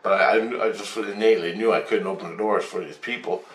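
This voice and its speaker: A man telling a rambling story of a vision, excitable, swearing and acting out voices. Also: lowish voice, quick pace. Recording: roomy, distant from mic.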